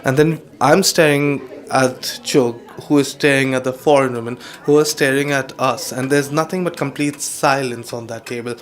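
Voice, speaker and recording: A young man from India telling a comic anecdote in a wry, deadpan way. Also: mid-range voice, normal speed, hardly any pauses. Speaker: storyteller. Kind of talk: comic storytelling. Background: music.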